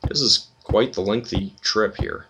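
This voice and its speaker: A man's voice: fairly low pitch, a little slow, noisy background. A man hosting a let's play, chatting casually and reading game text aloud with a lot of fillers.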